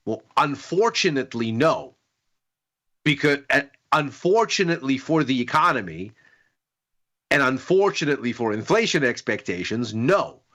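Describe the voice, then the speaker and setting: A man's voice: mid-range voice, sing-song, normal speed, fairly bright tone. A man commenting on markets in casual chat, sardonic and joking.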